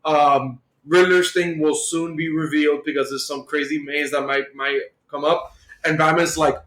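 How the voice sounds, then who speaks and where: A man's voice: a little high, steady tone, normal speed, a bit bright, echoey room, poor audio. A man co-hosting a podcast, retelling a comic book story in casual chat full of "like" and "uh". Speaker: podcast co-host.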